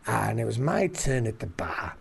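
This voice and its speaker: A man's voice: fairly low pitch, sing-song, moderate pace, gravelly, husky. A man from England chatting casually, rambling through a holiday story with fillers and frequent swearing. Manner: rambling, anecdotal, swears freely. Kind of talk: casual chat.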